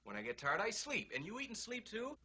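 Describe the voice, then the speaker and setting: An actor playing a wry, exasperated young husband and lawyer, with a husky voice and dry, teasing delivery in a 1960s film comedy. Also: male voice, sits high, huge pitch swings, fairly quick, pushed and bright, full character voice. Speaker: husband in a marital argument.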